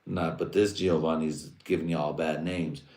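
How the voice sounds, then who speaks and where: A man's voice: a bass voice, steady tone, measured pace, a little mellow. A man hosting a livestream, talking in a loose, rambling, profane and streetwise way. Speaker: livestream host. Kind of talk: casual rambling monologue. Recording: roomy echo.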